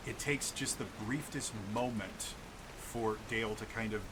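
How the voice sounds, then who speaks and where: A man narrating a tabletop game as game master, halting often and repeating words. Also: lowish voice, fairly even intonation. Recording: noisy home mic.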